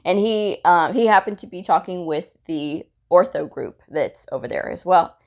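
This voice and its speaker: A woman's voice: fairly low pitch, moderate pace, a little mellow. Chatty woman teaching, laughing easily. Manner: chatty, laughs often, retells dialogue. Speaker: medical coding educator. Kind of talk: casual instructional talk.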